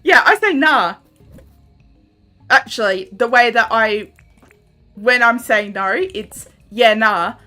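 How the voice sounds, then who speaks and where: A woman's voice: fairly high pitch, very animated, measured pace, bright, forceful tone, soft background music. A young Australian woman chatting casually with her viewers while gaming on a livestream, laughing often and reading out chat messages. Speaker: streamer.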